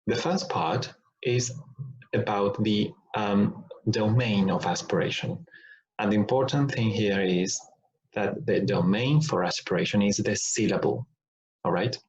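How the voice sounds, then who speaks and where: Male phonetics teacher, slow and deliberate, repeats sample words, dull lo-fi sound. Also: fairly low pitch. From Argentina. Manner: deliberate, repeats example words to show sounds, checks in with "all right?". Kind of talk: recorded online lesson. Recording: dull lo-fi recording.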